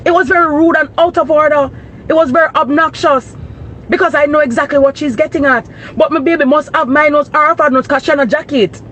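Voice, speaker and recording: A woman's voice: sits high, fairly even intonation, quick pace, fairly bright tone, slight background noise. A woman with a Jamaican accent, talking to her followers in an indignant, emphatic rant. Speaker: vlogger. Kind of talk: direct-to-camera commentary.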